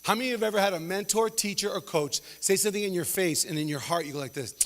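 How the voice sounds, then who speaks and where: A man doing stand-up comedy, telling stories in a slangy, animated way and acting out the people in them. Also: high-pitched. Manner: animated, slangy, acts out characters in quick asides. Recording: long hall reverb.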